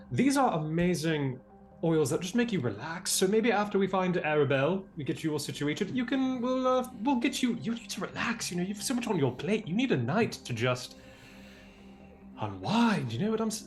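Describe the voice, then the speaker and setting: A playful man joking his way through a tabletop game in character. His voice sits high and swings widely in pitch. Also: sing-song, a little fast, soft background music. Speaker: player.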